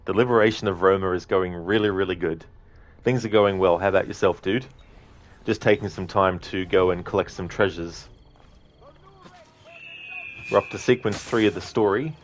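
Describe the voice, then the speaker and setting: Deep-voiced relaxed man chatting on stream. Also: moderate pace, pauses often, a little hiss or hum. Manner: relaxed, friendly, rambling with fillers. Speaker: game streamer. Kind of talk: casual chat with viewers over gameplay.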